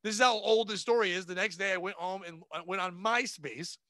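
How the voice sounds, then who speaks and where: A man's voice: high voice, fairly quick, sharp tone, dry recording. A man in his forties, a comedian guest telling profane, brash stories in a casual podcast chat. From New England. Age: 40s.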